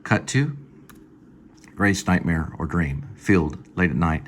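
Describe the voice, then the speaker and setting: A man casually reading his own screenplay aloud at home, halting and stopping to fix lines. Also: low-pitched, lively intonation, slight background noise. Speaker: screenplay reader. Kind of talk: casual screenplay read-through.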